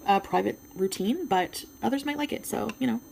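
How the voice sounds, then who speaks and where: Gravelly-voiced French Canadian woman reviewing makeup. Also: a little high, normal speed, a little mellow, a little hiss or hum, rough recording. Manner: chatty, hesitant, with frequent ums. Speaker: beauty vlogger. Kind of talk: casual product review.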